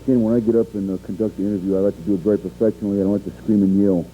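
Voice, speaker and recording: A man's voice: fairly low pitch, steady tone, racing, a little hiss or hum. A male wrestler delivering an angry, threatening promo. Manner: growling threats, building to shouting. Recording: tinny lo-fi old TV audio.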